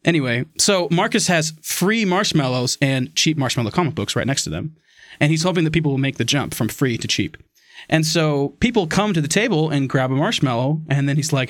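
A man chatting casually as a podcast co-host, telling animated stories and acting out other people's lines. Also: on the high side, brisk, dry recording, studio quality. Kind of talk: casual chat.

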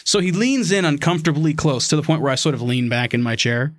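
A man chatting casually as a podcast co-host, telling animated stories and acting out other people's lines. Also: fairly high pitch, quick pace, no echo, clean studio sound. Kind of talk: casual chat.

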